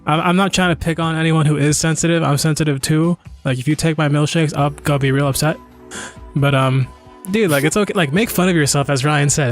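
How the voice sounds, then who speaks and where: A young man with a slightly high voice jokes his way through a casual advice chat, rambling in loose, slangy talk. Faint music plays underneath. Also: fairly even intonation, a little fast. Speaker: co-host.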